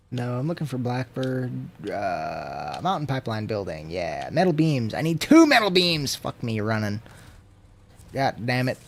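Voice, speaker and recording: A man's voice: sing-song, unhurried. A man from the United States streaming a video game, talking in a casual, profane, rambling way and sometimes dropping to a murmur. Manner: slips into low murmurs and whispers. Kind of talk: casual livestream chat while gaming.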